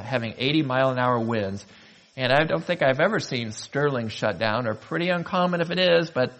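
A man delivers a sermon at a middle pitch. He tells stories earnestly, pausing for effect and building emphasis as he speaks. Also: fairly bright tone, rough recording. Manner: earnest storytelling with dramatic pauses, rising in emphasis. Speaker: pastor.

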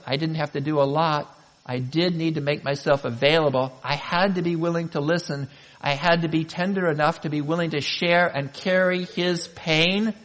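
A man's voice: fairly high pitch, fairly bright tone, low-quality recording. Earnest man preaching a sermon. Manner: earnest storytelling with dramatic pauses, rising in emphasis. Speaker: pastor.

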